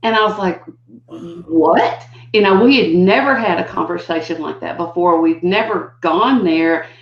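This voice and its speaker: Older woman guest on a video call, lively storyteller who slips into voices, echoey room, muffled audio. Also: normal speed. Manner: animated, acts out quotes with big pitch jumps. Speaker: guest educator. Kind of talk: conversational storytelling. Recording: dull lo-fi audio in a roomy space.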